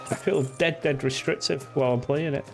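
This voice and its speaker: A man's voice: fairly high pitch, fairly even intonation, fairly quick, creaky. A young man casually chatting and ranting while streaming a game, swearing and acting out what characters say. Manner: rambling, swearing, acting out game lines in silly voices. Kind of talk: casual gameplay commentary. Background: game music.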